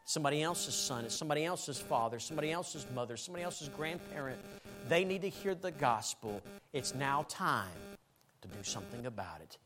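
A man preaching a sermon and giving an altar call, swinging from loud pleading to hushed tones. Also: medium pitch, lively intonation, a little fast, over music, poor audio. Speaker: pastor.

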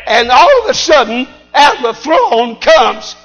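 A man preaching a sermon, shouting in call-and-response style. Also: extremely high pitch, very animated, measured pace, faint music behind, poor audio.

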